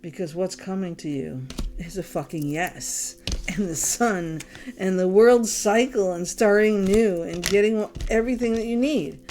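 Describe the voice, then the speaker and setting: Woman, tarot reader; exasperated, blunt, swears; warm low tone. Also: a little slow, slight background noise. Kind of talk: casual tarot reading. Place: home, candles lit.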